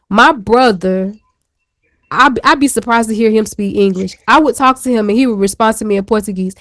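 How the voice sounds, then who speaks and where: A woman's voice: fairly high pitch, dry recording. Chatty woman with a dry, close sound. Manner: candid, chatty storytelling with slang asides. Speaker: show co-host. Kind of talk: casual chat.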